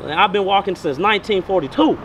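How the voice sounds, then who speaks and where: A man's voice: high voice, expressive, a little fast, noisy background. A young man vlogging outdoors on city streets, joking and teasing his dog in comedic banter. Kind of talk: comedic walking vlog.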